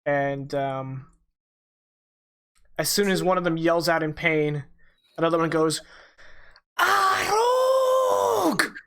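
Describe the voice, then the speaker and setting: A man running a tabletop game as game master, narrating with many restarts and pauses. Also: on the high side, little pitch movement, fairly bright tone, smooth. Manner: halting, lots of restarts and ums.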